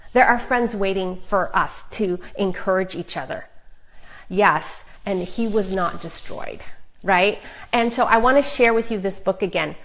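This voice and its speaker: A middle-aged woman author giving a chatty, emphatic live talk of faith encouragement to viewers, with fillers and quick asides. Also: on the high side, fairly bright tone, poor audio. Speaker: author and Christian speaker.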